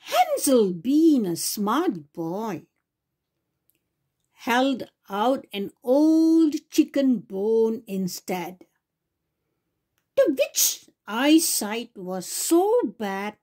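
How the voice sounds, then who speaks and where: A woman reading a fairy tale aloud to children in a slow, sing-song way, sometimes correcting herself. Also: a little high, a little mellow, slightly rough. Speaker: children's channel storyteller.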